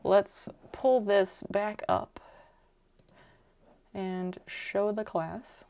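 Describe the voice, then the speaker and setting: A woman's voice: medium pitch, fairly even intonation, extremely slow, darkish tone. A woman streaming live while she crafts, musing aloud as she works and answering her viewers' chat in a casual way.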